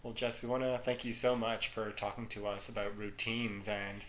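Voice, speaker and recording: A man's voice: lowish voice, level tone, moderate pace, fairly bright tone, slight background noise. A man hosting a family health podcast, encouraging and reading out closing take-home points. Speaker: podcast host. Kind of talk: podcast hosting and interviewing a child.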